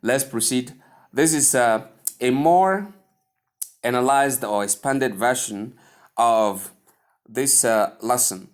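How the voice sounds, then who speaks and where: A man's voice: mid-range voice, slow pace, long pauses. A man teaching English pronunciation over slides, repeating each word several times in an earnest, urging way. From Nigeria. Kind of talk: slow instructional lesson over slides.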